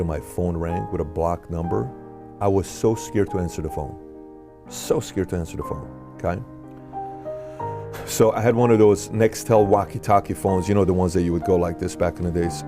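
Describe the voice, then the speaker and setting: A man's voice: low-pitched, vocal fry. A man, an army veteran, giving an earnest personal testimony in an interview, talking conversationally and asking searching questions aloud. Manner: conversational, with frequent "like" and "okay?".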